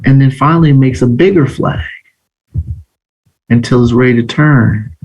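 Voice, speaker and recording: Brief: male trading coach on a livestream, animated storyteller. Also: medium pitch, moderate pace, slightly rough. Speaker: trading instructor. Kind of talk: live online trading lesson.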